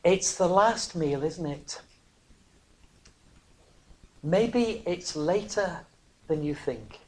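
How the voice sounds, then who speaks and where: Preacher, sermon, hushed then emphatic, chatty self-mocking asides. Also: mid-range voice, animated, extremely slow. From northern England. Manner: swings from hushed near-whispers to loud emphatic cries.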